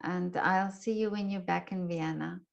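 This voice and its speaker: A woman's voice: fairly low pitch, steady tone, normal speed, gravelly, muffled recording. A woman hosting an interview over a video call, effusive and friendly, often restarting her sentences. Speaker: interviewer, host. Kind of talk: casual interview chat.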